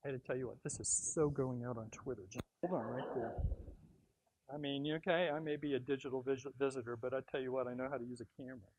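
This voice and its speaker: A middle-aged man giving an animated motivational keynote speech, telling stories, acting out quotes and drawing the audience in. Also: mid-range voice, fast, highs cut off, slight background noise. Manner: animated storytelling, acts out quotes, engages audience. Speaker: guest speaker. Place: brewhouse event space.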